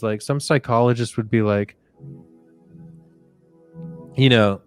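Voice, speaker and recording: A male comedian hosting a live show, rambling through a mock guided relaxation in a soft, drifting voice. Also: mid-range voice, normal speed, pauses often, smooth, dry recording, soft background music. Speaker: comedian and podcast host.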